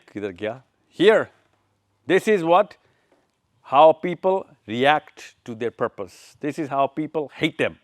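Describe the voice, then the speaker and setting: A man's voice: fairly high pitch, no room sound, clean studio sound. A man giving a live lecture with slides, repeating phrases and calling on listeners by name. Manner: pointing through slides, quizzing the room. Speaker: touring speaker. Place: event room with audience.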